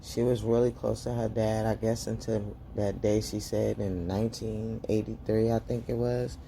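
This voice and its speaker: A woman giving a casual, gossipy recap of a TV episode to her viewers. She is animated and acts out the characters' lines in high voices. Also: moderate pace, creaky, a little hiss or hum. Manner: chatty, gossipy, talks straight to viewers as "girl". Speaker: show recap host.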